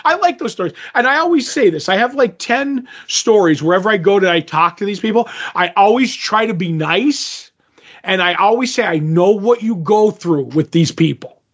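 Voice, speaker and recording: A man's voice: high-pitched, normal speed. A man co-hosting a podcast, telling a casual story and acting out the dialogue of the people in it. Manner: animated, acts out quoted dialogue. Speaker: podcast co-host. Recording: dull lo-fi audio.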